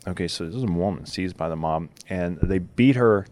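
Guy with a really deep voice hosting a podcast, chatty, laughs a lot, lots of uh and like. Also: brisk, a little mellow. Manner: laughs often, storytelling with many fillers. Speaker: podcast host. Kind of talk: casual chat.

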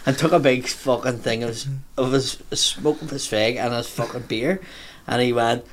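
A man's voice: mid-range voice, normal speed, slight background noise. A man with a Belfast accent in casual conversation, blunt and sweary, acting out the people in his stories. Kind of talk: casual chat.

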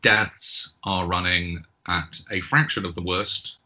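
A man's voice: low voice, steady tone, takes it slowly, pushed and bright, dull audio. A middle-aged British man with a slightly American-tinged accent, talking as a guest in a casual interview and hesitating often with ums and restarts. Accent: British with some American. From Britain. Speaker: guest epidemiologist.

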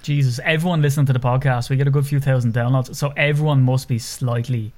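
A man's voice: medium pitch, fairly even intonation, fast talker, a little mellow, slight background noise. An Irish man hosting a casual podcast chat, joking and playful, swearing freely. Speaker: podcast host.

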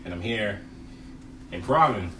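A man's voice: on the low side, expressive, unhurried, reverberant, distant mic, noisy background. A man joining an improv comedy podcast as a guest, slangy and joking.

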